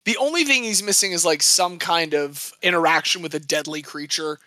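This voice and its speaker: A woman co-host tells sports stories in a chatty, joking way, her voice bright and forward. The sound is dry and close, with no room around it. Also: lowish voice, normal speed, no echo. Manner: chatty, jokey storytelling. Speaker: podcast co-host. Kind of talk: casual sports history chat.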